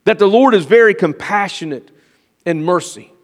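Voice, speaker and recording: A man pastor giving an earnest sermon, often slowing down and dropping to a quiet, confiding tone. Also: high voice, animated. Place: church sanctuary. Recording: long reverb of a large hall.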